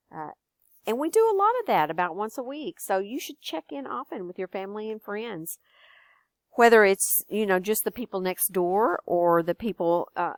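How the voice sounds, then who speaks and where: An older woman, teaching students in a gentle, encouraging way. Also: medium pitch, no room sound. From Texas. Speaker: educator. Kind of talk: friendly recorded lesson for students.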